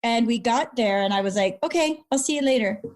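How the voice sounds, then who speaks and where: A woman's voice: fairly high pitch, a little fast. Earnest woman telling her story. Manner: earnest, animated, repeats words when moved. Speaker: guest, brain injury survivor. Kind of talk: emotional personal storytelling.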